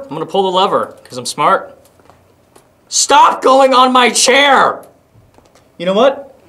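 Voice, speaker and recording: A man hosting a gaming video, commentating with loud, playful exclamations and goofy banter. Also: mid-range voice. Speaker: gaming host.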